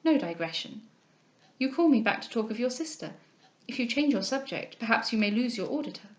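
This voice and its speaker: A woman reading aloud voices a poised young heiress with a gentle, formal way of speaking. Her tone stays measured and kindly but firm. The voice sits on the high side. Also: animated, close to an everyday voice. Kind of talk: audiobook character reading.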